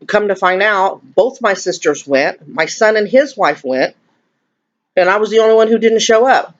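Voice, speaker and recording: A woman's voice: mid-range voice, expressive, normal speed, lo-fi sound. A woman, chatting casually and emotionally in a rambling, confiding vlog while eating. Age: 50s. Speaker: vlogger.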